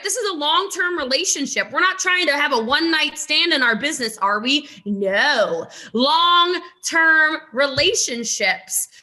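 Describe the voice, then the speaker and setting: A woman giving an animated, emphatic motivational talk on a video call as a network marketing recruiter, with laughing asides. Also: high voice.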